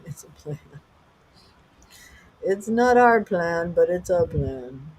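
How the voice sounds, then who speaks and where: A woman's voice: on the low side, lively intonation, takes it slowly, long pauses, a little mellow, slightly rough, poor audio. A woman hosting a casual livestream, talking bluntly and ranting with plenty of profanity. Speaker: livestream host.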